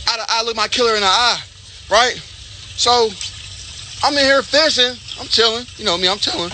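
A man chatting and hollering excitedly while fishing outdoors on a lake, boasting and joking about his catch. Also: very high-pitched, moderate pace, rough recording. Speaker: basketball player fishing. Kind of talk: excited casual chat. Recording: outdoor noise behind.

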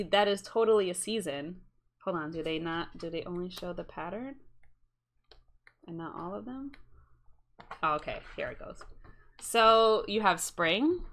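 A young woman at home chatting casually through a cross-stitch haul, rambling with asides and quick apologies. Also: lowish voice, a bit bright. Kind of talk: casual chat showing a craft haul.

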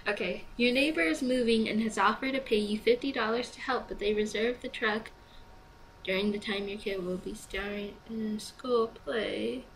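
A woman's voice: fairly high pitch, normal speed, creaky, slight background noise, rough recording. A young woman playing a choice-based game, reading the prompts aloud and chatting through her decisions, sleepy and yawning. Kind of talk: let's play commentary.

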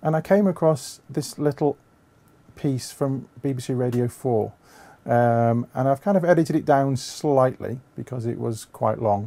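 A man hosting a casual web show, talking in a relaxed and chatty way. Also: mid-range voice, vocal fry. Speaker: host.

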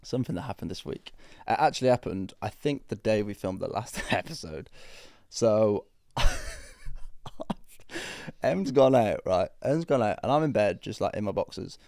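A young man co-hosting a podcast, telling stories in an animated way and laughing often. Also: on the low side, normal speed, creaky, no echo, clean studio sound. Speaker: podcast co-host. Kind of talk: casual chat.

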